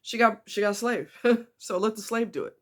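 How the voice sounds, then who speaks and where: A vlogger records a personal confessional, her slightly high voice tight-throated with emotion. She speaks haltingly, full of ums and restarts, and swears bluntly.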